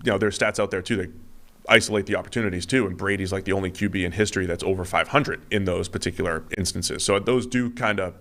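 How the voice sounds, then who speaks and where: A man's voice: deep voice, fast talker, a bit bright. A man co-hosting a casual sports podcast, rambling and mimicking hesitant noises to make a point. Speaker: podcast co-host.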